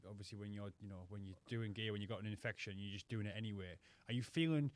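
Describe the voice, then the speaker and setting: A man's voice: on the low side, quick pace, dry recording. A man hosting a podcast, asking brief, probing questions. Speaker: podcast host. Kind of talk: interviewing.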